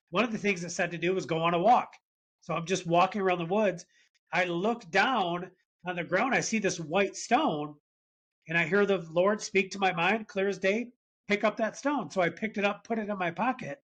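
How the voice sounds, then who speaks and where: A man as a podcast guest, telling a personal faith story in an earnest, animated way. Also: high voice. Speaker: podcast guest, business founder. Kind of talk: conversational storytelling interview.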